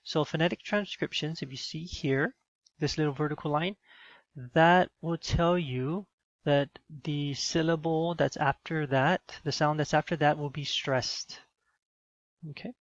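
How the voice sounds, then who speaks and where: A man's voice: fairly high pitch, steady tone, measured pace, dry recording, highs cut off. A man giving a recorded teaching demo, explaining in an instructional way with some fillers.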